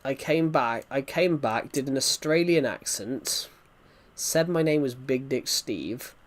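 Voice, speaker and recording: A man's voice: medium pitch, lively intonation, slow. A man, a gaming streamer, telling a story in casual chat with rambling restarts.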